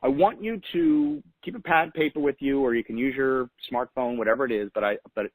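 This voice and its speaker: A man's voice: mid-range voice, fairly quick, no echo, phone-quality sound. A man hosting a weekly call, giving motivational coaching in an earnest way and repeating key phrases for emphasis. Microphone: phone call.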